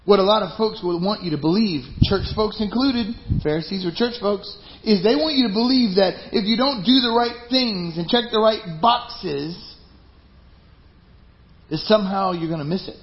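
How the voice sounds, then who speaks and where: A man's voice: sits high, normal speed, slight background noise. A man preaching a sermon as pastor, emphatic and conversational. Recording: dull lo-fi recording.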